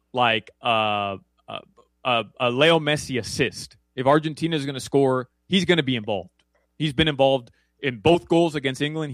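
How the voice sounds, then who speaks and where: Here a male guest analyst chats loosely about soccer bets, his medium-pitched voice slightly bright and free of echo. His picks come out in a meandering way, full of fillers and false starts.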